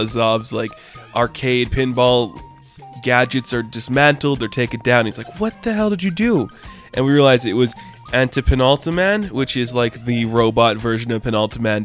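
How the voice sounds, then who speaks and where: A man talks through a comic review in a loose, rambling way, his voice at a middle pitch. He hurries along with plenty of excitement and keeps slipping into quick impressions of the characters. Faint music plays underneath. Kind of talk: casual spoken review.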